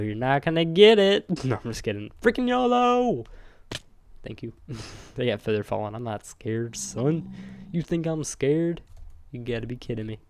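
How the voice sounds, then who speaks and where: A young man giving chatty, excitable let's-play commentary, joking and talking to his viewers as he plays. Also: medium pitch, a little hiss or hum. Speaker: gamer.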